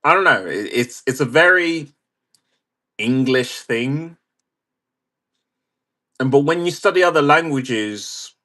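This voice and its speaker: Slow, bright-voiced male streamer. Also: medium pitch. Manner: chatty, wry, reads chat aloud and laughs. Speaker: livestream host. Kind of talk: casual chat reading viewer comments.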